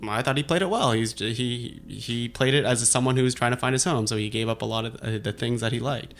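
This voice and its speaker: A male podcast host in relaxed chat. His voice is at a plain middle pitch. He stays easygoing, laughs easily and keeps moving the talk on to the next point. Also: brisk. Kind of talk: casual chat.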